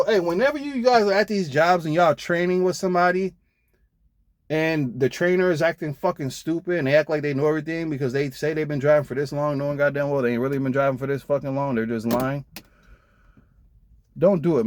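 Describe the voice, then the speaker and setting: A man's voice: a little high, darkish tone, dry recording. Trucker dude ranting about his old trainer, aave, lots of cussing, dry close mic. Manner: profane, blunt, heated. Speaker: truck driver vlogger. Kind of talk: casual storytelling rant.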